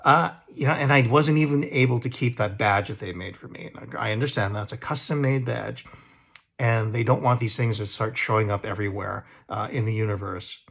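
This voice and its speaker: A man's voice: on the low side, fairly quick, vocal fry, a bit bright. Man, actor, casual reminiscing to camera, rambling, self-deprecating.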